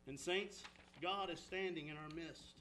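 A man preaching an impassioned sermon, swinging between loud exhortation and hushed storytelling. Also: measured pace, a little hiss or hum, poor audio. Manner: impassioned, rising and falling, drops low for storytelling. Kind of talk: fervent sermon.

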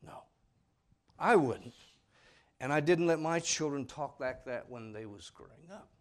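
A man's voice: fairly high pitch, expressive, measured pace. A man preaching a sermon in a folksy, earnest, pleading way, speaking plainly to his congregation. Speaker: pastor.

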